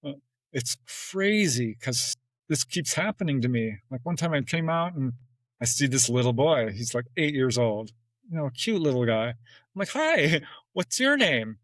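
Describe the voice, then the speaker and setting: Animated man telling a story, dry sound. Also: moderate pace, no room sound, poor audio. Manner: animated, acts out quoted exchanges with jumps in pitch; laughs often between phrases. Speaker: podcast guest. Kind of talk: casual storytelling in an interview.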